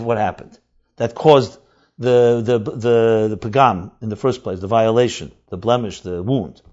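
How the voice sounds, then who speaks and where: A man teaching as a rabbi, explaining texts emphatically, repeating and rephrasing key words, with Hebrew terms mixed in. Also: medium pitch. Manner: mixes in Hebrew and Aramaic terms. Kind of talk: explanatory Torah lecture. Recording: dull lo-fi recording.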